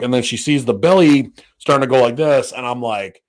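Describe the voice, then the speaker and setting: This man co-hosts a podcast, chatting casually and rambling with lots of fillers, restarts and free swearing. He has a medium-pitched voice and talks at a quick pace with hardly any pauses.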